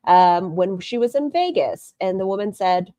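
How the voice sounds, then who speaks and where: A woman's voice: mid-range voice, expressive, normal speed, dark tone, no room sound, clean studio sound. A woman hosting critical reaction commentary, blunt and sarcastic. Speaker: commentary host.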